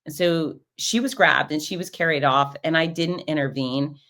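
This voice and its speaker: A woman hosting a show, telling stories in a casual, animated way and acting out the voices of the people in them. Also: sits low, moderate pace. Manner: animated, acts out quoted voices. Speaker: podcast host and race announcer. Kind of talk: casual storytelling recap.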